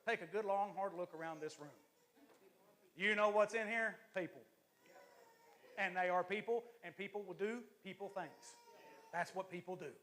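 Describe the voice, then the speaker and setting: Bright high-voiced man preaching a sermon. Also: normal speed, long pauses. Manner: lively, joking and preaching to the congregation. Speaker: assistant pastor. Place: church.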